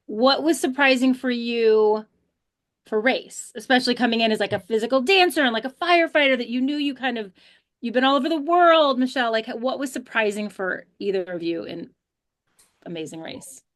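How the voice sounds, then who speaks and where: A woman co-hosts a casual podcast with a slightly high voice. She asks friendly questions that wander and restart before they land. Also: fairly quick. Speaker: podcast co-host. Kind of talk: casual interviewing.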